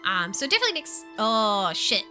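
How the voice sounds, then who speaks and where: A young woman chatting casually on a livestream, animated, laughing often and swearing. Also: medium pitch, a little fast, faint music behind. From New Zealand. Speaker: streamer.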